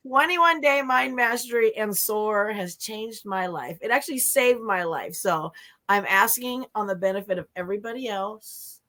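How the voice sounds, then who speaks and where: Female co-host, bright and tense tone, lively and quick to laugh, casual banter. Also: mid-range voice. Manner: lively, laughs easily, reads out comments. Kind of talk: casual live-stream chat.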